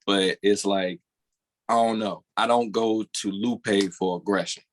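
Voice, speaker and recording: A man's voice: on the low side, steady tone, a little slow. A man co-hosting a podcast in casual chat, rambling and restarting his thoughts. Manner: rambling, restarts, hedging with "or whatever". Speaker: podcast co-host.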